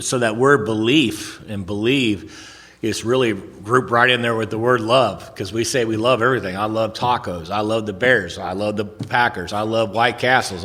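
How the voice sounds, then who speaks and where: A man's voice: on the low side, fairly bright tone. Man sharing in a reverberant hall. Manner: earnest storytelling with repetitions and restarts. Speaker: recovery speaker. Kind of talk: recovery meeting share.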